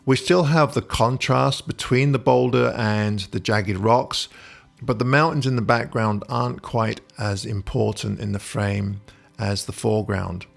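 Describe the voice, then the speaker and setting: Low gravelly man explaining photography. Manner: relaxed, explanatory, with frequent "uh" pauses. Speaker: photography instructor. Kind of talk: voice-over tutorial.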